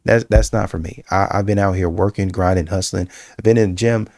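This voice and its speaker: Low gravelly man in casual commentary. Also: brisk, no echo, clean studio sound. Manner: repetitive and emphatic, with many fillers and restarts; breaks into mocking, animated quoting. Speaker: reaction commentator.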